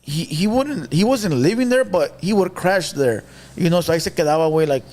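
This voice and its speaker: A young man tells a story on a podcast in a casual, animated way, mixing in Spanish slang and acting out what people said. His voice is a little high and his pace a little fast.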